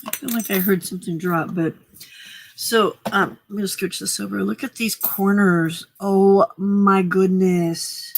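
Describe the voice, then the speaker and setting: A woman's voice: mid-range voice, moderate pace, gravelly, a little hiss or hum. A woman hosting a casual late-night crafting livestream, chatty and upbeat, greeting viewers by name. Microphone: desk microphone.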